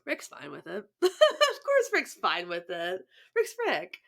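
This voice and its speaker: A woman's voice: on the low side, huge pitch swings, a little slow, gravelly, fairly bright tone. A young woman co-hosting a podcast, chatting casually, laughing often and restarting her sentences. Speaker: podcast co-host. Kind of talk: casual chat.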